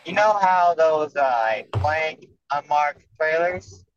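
A man guesting on a casual podcast, telling a story haltingly with fillers. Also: a little high, expressive. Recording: dull lo-fi remote audio.

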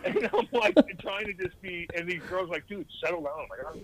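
A man, a former hockey player, telling rambling, profane stories in a casual podcast chat with lively voiced quotes. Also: high-pitched, fairly quick, poor audio.

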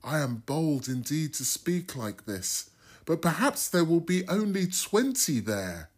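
A man's voice: fairly high pitch, very animated, measured pace, breathy edge, pitched above the performer's own voice, heavily acted. A man voicing a humble old patriarch who earnestly pleads with rising, imploring questions. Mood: pleading.

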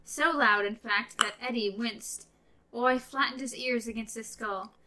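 Woman reading a book out loud, kinda high bright voice, steady and chatty. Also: measured pace, low-quality recording. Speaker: co-host reading a novel aloud. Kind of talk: reading a novel aloud with casual commentary.

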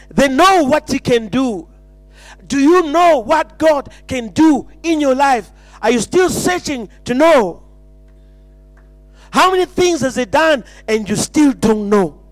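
High-voiced man preaching with fervor. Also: expressive, a little slow, no echo, faint music behind. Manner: impassioned preaching with repetition and stammered restarts. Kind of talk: sermon.

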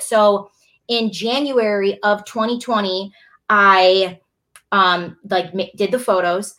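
A young woman tells a story in casual chat, bold and animated, with blunt swearing. She acts out what she and others said in lively little quotes. Her voice sits at an everyday middle pitch. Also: takes it slowly. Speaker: bartender and show guest.

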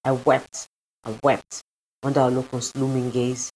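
A woman's voice: extremely low pitch, flat delivery, a little slow, a little mellow, poor audio. A woman narrating a first-person story, reading in an earnest, dramatic way.

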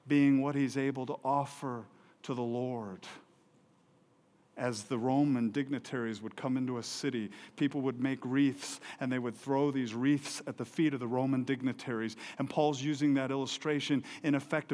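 A man preaching a sermon with passion, swinging from loud, emphatic peaks to low, quiet stretches. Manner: impassioned preaching, rising loud for emphasis and dropping low and soft. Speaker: pastor. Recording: long hall reverb.

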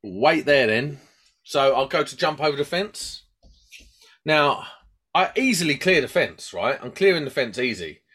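A man's voice: fairly high pitch, measured pace, slightly rough. A man with a British accent chatting casually, telling a long rambling story and acting out the voices of the people in it. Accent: British English. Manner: rambling and animated, acts out voices in his stories.

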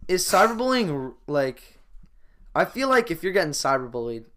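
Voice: mid-range voice, very animated, normal speed, a bit bright. A teenager in their late teens co-hosting a casual podcast, blunt and sarcastic, swearing often and acting out other people's lines in retold stories. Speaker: podcast co-host. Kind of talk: casual chat.

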